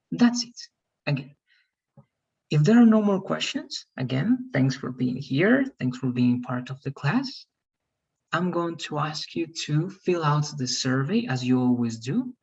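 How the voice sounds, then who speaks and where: Man, teacher, slightly high voice, husky, dull lo-fi call audio. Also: a little mellow. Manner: repetitive, checks in with "all right?". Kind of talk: online class instructions.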